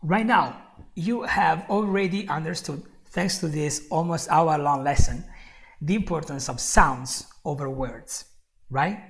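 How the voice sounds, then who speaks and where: Italian guy teaching english online, bit of fry in his voice, accent mixed with american, hammers his points home. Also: a little high, measured pace. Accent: Italian, mixed with American and Australian. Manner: emphatic, repeats key points, addresses viewer directly.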